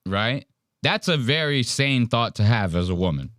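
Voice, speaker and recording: A male podcast host riffs on clips with crude, wry commentary. His pitch swings up and down a lot as he talks. The sound is close and dry, with no room echo. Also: expressive, moderate pace, fairly bright tone. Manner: profane, wry, reacting to clips.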